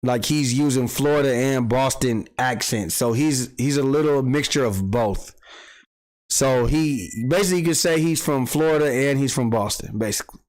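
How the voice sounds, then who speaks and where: A man hosting a casual livestream, telling street gossip in an animated, profane style and acting out quotes. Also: medium pitch, moderate pace, rough recording. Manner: animated storytelling, acts out quotes, swears freely. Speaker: podcast host.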